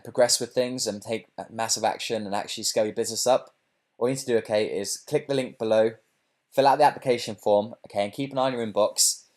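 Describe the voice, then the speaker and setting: Punchy male webinar coach, low voice. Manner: energetic, punchy, keeps saying "okay?" and "look". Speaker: business coach hosting a webinar. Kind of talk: sales pitch wrap-up of a webinar.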